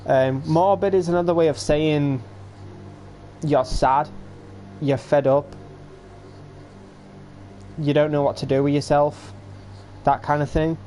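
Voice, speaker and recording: A young man in his late teens with a voice pitched a little higher than most men's. He chats loosely to his viewers during a home livestream, rambling from one thought to the next. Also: fairly even intonation, takes it slowly, pauses often, warm tone, slight background noise. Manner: rambling, chatty, talks straight to viewers. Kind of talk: casual rambling livestream chat.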